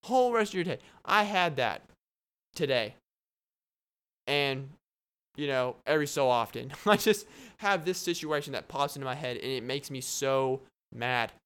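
A man's voice: mid-range voice, a little slow, long pauses, smooth. A young man hosting his own podcast, rambling through stories with lots of fillers and laughs. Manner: rambling, animated storytelling with frequent laughs and fillers. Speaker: podcast host.

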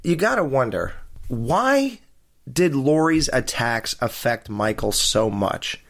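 This is a man co-hosting a casual movie podcast. His voice sits at an ordinary middle pitch. He walks through scenes in detail and poses pointed questions about them. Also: very animated, slow, fairly bright tone. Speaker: podcast co-host. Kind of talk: casual film review chat.

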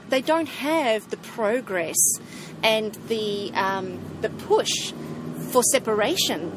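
A woman's voice: a little high, background noise. A woman from South Africa with a South African English accent, chatting casually and thinking things through at length. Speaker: group discussion participant. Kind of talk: casual chat.

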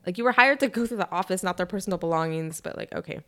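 Young female podcast co-host; lower register, lively storyteller who keeps throwing in quick asides. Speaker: podcast co-host retelling a novel. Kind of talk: casual chat.

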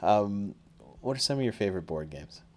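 A man's voice: on the low side, lively intonation, a little fast, a little mellow. A man hosting a casual podcast chat, rambling and self-deprecating, with lots of fillers. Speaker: podcast host.

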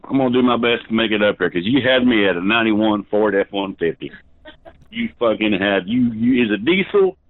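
A drunk man answers a prank call and talks in a low, rambling voice full of curses. He comes through a thin, phone-like line that sounds flat and dry, with no room around it. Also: brisk, dry recording. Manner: rambling, swears constantly.

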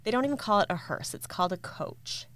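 A woman's voice: mid-range voice, expressive, quick pace, fairly bright tone. A woman co-hosting a podcast, explaining matter-of-factly in casual chat and reading a story aloud. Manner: matter-of-fact explaining, laughs often. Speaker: podcast co-host.

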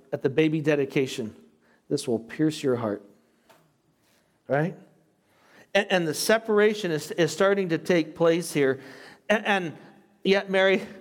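A man with a slight foreign accent, a pastor teaching a Bible study in a conversational way and asking his class questions. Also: a little high. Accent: non-native English.

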